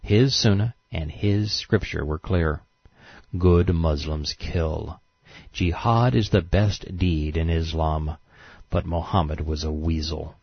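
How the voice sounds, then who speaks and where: A man's voice: a bass voice, slow pace, gravelly, breathy edge, dry recording. A man giving scornful, sarcastic scripted narration as a documentary narrator, in a dull, dry recording.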